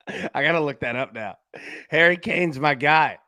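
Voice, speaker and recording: An upbeat man hosting a live sports betting show, running through picks and reading chat comments aloud. His voice sits a bit high for a man, and the sound is dry and close, with little room to it. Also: slow pace, sharp tone, no echo.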